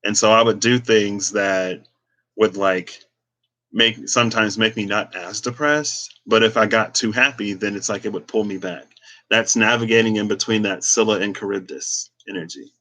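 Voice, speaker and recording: A tarot reader muses casually on spirituality and tarot, drifting from point to point and filling pauses as he thinks. His lowish voice moves at a moderate pace and sounds pushed and bright.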